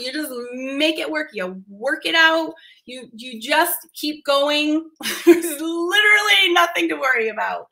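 A woman's voice: high voice, pushed and bright. A woman art teacher on a live stream, chatty and emphatic, laughing often and reacting to viewer comments.

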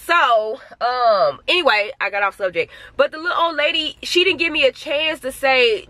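A woman chatting casually to her vlog camera outdoors at a park while she walks her dog, ranting in slangy, animated talk. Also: high-pitched, a little fast, hardly any pauses, no room sound. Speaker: family vlogger.

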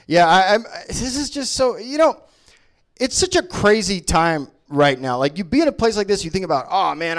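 Animated, profane male stand-up comic. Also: on the high side. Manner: profane, animated, mocking impressions. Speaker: stand-up comedian. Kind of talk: stand-up comedy set.

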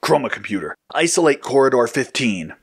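A man's voice: mid-range voice, big pitch swings, a little fast, creaky, husky, pitched above the performer's own voice, heavily acted. A man voicing a brash but uneasy male space agent who talks hastily. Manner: uneasy, hasty.

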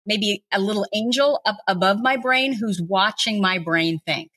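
A woman hosts a podcast interview in a mid-pitched voice. She chats in an agreeable way and laughs easily with her guest. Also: moderate pace, a bit bright. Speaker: podcast host.

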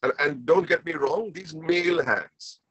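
A man's voice: fairly high pitch, a little slow, fairly bright tone, slightly rough, dry recording, muffled recording. Earnest, emotional Indian man, dry sound. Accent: Indian English. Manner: earnest and emotional, repeats himself. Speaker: guest speaker, actor. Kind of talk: personal storytelling at a panel.

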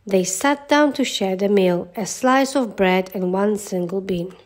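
A woman narrates a children's fairy tale in a gentle, steady storybook voice. Her pitch sits in the middle range for a woman. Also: measured pace. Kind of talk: children's storybook read-aloud.

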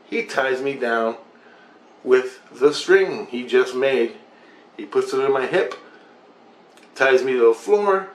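A man ranting in a rambling monologue, agitated and swearing constantly. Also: medium pitch. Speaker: vlogger. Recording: roomy echoey recording.

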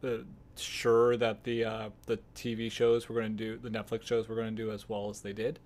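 A man co-hosting a podcast in casual chat, speaking in a hesitant, halting way as he searches for words. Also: fairly low pitch, monotone, a little mellow. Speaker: podcast co-host.

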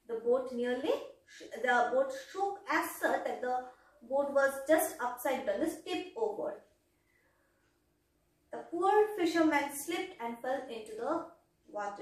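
High-voiced woman teacher in an echoey room. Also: recorded from a distance. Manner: retells each sentence in simpler words. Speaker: English teacher. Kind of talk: storybook lesson for young children.

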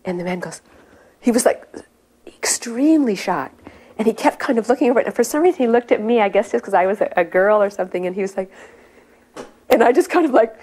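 A woman's voice: medium pitch, quick pace, darkish tone. A middle-aged woman telling a personal memory of her spiritual teacher. She speaks with reverence and builds the story with rising intensity. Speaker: devotee recalling a spiritual teacher. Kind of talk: personal reminiscence.

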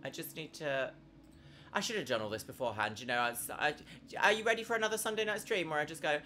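A woman's voice: sits low, quick pace, sharp tone, a little hiss or hum. A woman in her thirties streaming a horror game from home at a desk microphone, chatting casually and giggling, with big swoops in her voice. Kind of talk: casual live-stream commentary.

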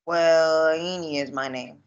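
Hesitant young woman, low and slow. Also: steady tone, lo-fi sound. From Georgia, USA. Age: 20s. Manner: hesitant, with fillers and repeated words. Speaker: speech coaching client. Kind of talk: coaching session.

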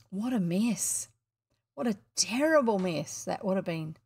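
A woman reads a children's classic aloud at an unhurried pace. She breaks off for chatty, amused asides between chapters, at an ordinary middle pitch. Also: lively intonation, a little mellow, breathy edge. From New Zealand. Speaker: reader.

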